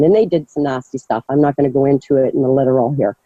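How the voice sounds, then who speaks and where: A man telling a personal story on an online call, speaking haltingly with frequent pauses. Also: mid-range voice, warm tone, no room sound. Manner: halting, with many fillers and restarts. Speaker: caller sharing a story. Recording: dull dry call audio.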